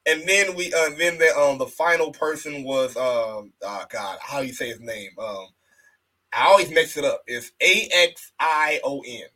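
A man's voice: mid-range voice, moderate pace, bright, forceful tone, rough recording. A man hosting a wrestling podcast in loose casual chat, repeating phrases and laughing often. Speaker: podcast host.

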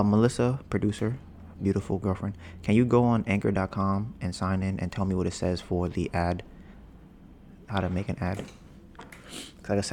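A young man hosting a casual home podcast, rambling and joking, bragging about his smooth steady voice. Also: deep voice, slight background noise. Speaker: podcast host. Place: home, storm outside. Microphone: podcast mic with headphones.

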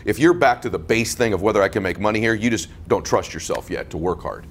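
A middle-aged man with a fairly low voice talks in a blunt, emphatic way, hammering his points home through repetition. He tells his story like a casual interview anecdote and laughs easily through it. A faint hiss of noise sits behind him. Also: quick pace. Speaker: business leader telling his career story.

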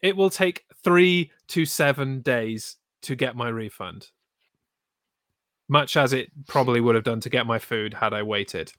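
A man telling a story on stream in a casual, animated way, with lots of swearing and mock outrage. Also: mid-range voice, unhurried, dry recording, clean studio sound. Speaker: streamer co-host.

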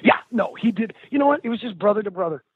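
A man's voice: sits high, lively intonation, fast talker, husky, no room sound. An older man, a musician, speaking as an interview guest in an earnest, candid way, calling the host dude and bro. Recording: tinny phone line.

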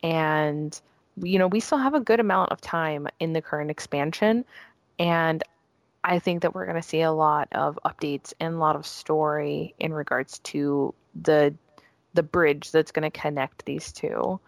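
A woman's voice: low-pitched, creaky, no room sound. A woman guest in casual chat, gushing emotionally about a trailer. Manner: gushing and emotional, quick bursts. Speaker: guest discussing a game trailer.

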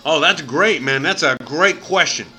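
A man's voice: a little high, moderate pace, sharp tone, soft background music, poor audio. A man from Miami chatting casually on a live stream, rambling with lots of fillers, swearing now and then and thanking viewers by name. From Miami, United States.

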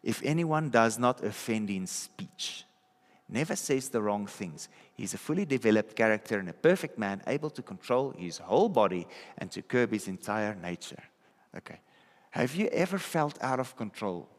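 A man's voice: on the low side, big pitch swings, normal speed. Man preaching in a reverberant hall. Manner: conversational, checks in with listeners often. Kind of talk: sermon. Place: church hall.

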